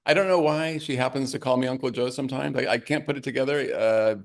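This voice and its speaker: Reflective man, a caregiver being interviewed. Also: mid-range voice. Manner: reflective, halting, many restarts. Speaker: author and family caregiver, interview guest. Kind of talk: conversational interview.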